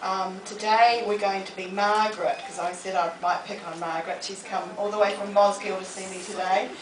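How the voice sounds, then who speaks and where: A woman, giving a lively, humorous motivational talk to a live audience in a library. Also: medium pitch, brisk. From New Zealand. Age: 40s. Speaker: motivational speaker. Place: public library hall. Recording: echoey room, distant mic, noisy.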